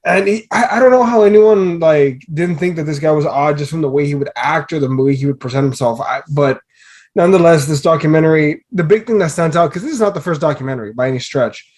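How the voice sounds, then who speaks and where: A man's voice: fairly high pitch, quick pace, darkish tone. A man co-hosting a casual podcast, talking in a loose, rambling way with casual swearing. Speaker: podcast co-host.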